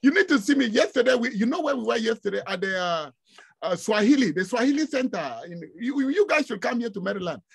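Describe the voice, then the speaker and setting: A man from Africa lecturing over a video call, his high voice swinging widely in pitch. He speaks with a gravelly, husky rasp and an animated, exclamatory delivery. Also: quick pace. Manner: animated, exclamatory, laughs often. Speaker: guest lecturer. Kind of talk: informal online lecture.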